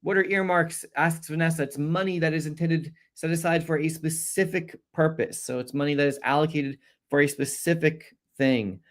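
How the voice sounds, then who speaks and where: A fairly high-voiced man runs a loose live-stream review session. He talks casually, reels off long lists of names for shout-outs, and trips over hard names with quick apologies. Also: steady tone. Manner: chatty, rattling off viewer shout-outs. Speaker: AP exam review host.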